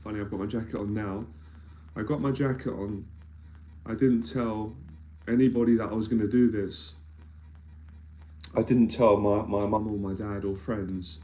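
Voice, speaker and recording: A man's voice: lowish voice, fairly even intonation, moderate pace, pauses often, dark tone. A man, an anxiety mentor speaking earnestly and emphatically in a live-streamed talk, often repeating phrases as he builds a point. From London, England.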